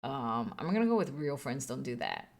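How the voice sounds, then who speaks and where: A woman's voice: a bass voice, sing-song, normal speed, vocal fry, darkish tone. A woman streamer casually commenting on a game playthrough, chatty and reactive. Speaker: gaming streamer.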